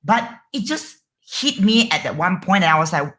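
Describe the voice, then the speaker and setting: A woman's voice: on the low side, very animated, normal speed, fairly bright tone. A woman from Malaysia with a Malaysian English accent, a guest on a podcast, talking candidly in a bubbly, outspoken way and swearing freely. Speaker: guest streamer.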